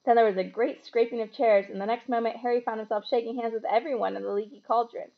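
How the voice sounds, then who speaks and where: Gravelly, expressive woman reading a story. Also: a little high, fast talker, few pauses, dull audio. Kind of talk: children's book read-aloud.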